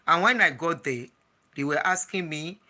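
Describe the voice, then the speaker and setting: An adult vlogger with a Nigerian accent and a very bright, sharp tone. The story comes out as casual chat that mixes in Pidgin. It is full of small restarts and asides. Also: medium pitch, moderate pace. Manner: chatty, slips into Pidgin, frequent restarts. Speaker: travel and lifestyle vlogger.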